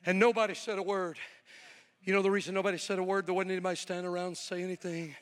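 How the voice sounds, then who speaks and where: A man's voice: high voice, fairly even intonation, quick pace. A man preaching a storytelling sermon, folksy and conversational, swelling into a fervent preaching cadence. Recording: long reverb of a large hall.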